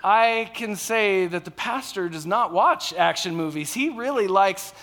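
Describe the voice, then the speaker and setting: Bright high-voiced man preaching. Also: expressive, measured pace. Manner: conversational, frequent "all right?" and "okay?" check-ins. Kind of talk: sermon. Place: stage.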